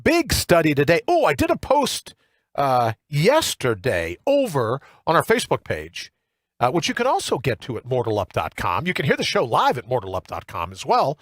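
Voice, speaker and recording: A man hosting a morning talk show in a studio, ranting in an animated, colloquial monologue full of asides. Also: mid-range voice, normal speed, no echo. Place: radio studio. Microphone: studio microphone with earpiece.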